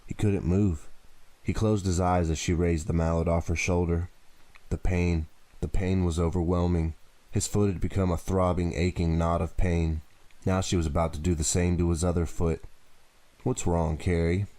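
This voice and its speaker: A man reading a teen thriller audiobook aloud in a steady, dramatic storytelling manner. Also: low voice, normal speed, no room sound. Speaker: audiobook narrator.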